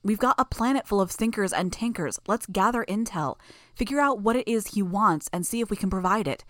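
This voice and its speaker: A woman's voice: medium pitch, expressive, a little fast, a bit bright, no echo, voice pushed up, lightly acted. A woman voicing a blunt, practical woman leader who talks decisively. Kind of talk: audiobook character voice.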